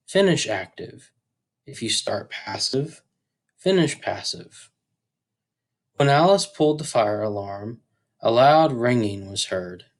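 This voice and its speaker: A man teaching a grammar tutorial, explaining step by step with a few fillers. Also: medium pitch. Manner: slow, deliberate explaining with occasional fillers.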